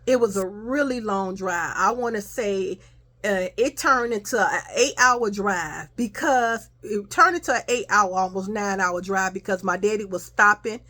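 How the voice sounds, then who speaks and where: A young adult woman casually telling a childhood story to her viewers, animated and chatty. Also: mid-range voice, moderate pace. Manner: animated, addresses viewers as y'all.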